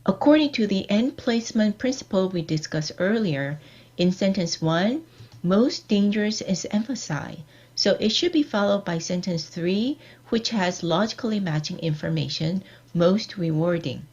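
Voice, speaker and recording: A woman giving a scripted online lecture, reading out example sentences in a measured, deliberate way. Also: mid-range voice, animated, darkish tone, breathy edge. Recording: dull lo-fi recording.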